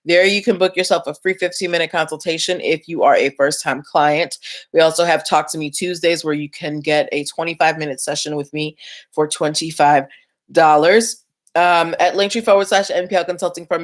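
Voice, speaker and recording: A middle-aged woman hosting a live online show, talking casually and explaining business and legal topics straight to her viewers. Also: low voice. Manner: chatty, teaching, addresses viewers directly. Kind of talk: casual live-stream talk.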